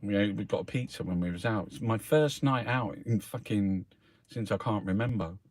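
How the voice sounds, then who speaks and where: Swearing Cockney man, low voice. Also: moderate pace, a little mellow, no room sound. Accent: London Cockney. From South London, England. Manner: swears constantly, calls listeners mate. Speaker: host reviewing the newspapers. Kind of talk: rambling casual monologue.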